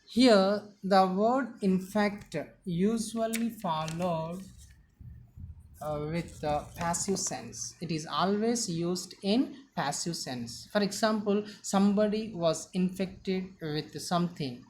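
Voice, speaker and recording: A woman teaching vocabulary, repeating each word slowly and stressing its syllables. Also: lowish voice, a little mellow, a little hiss or hum. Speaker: English teacher. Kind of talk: slow vocabulary lesson.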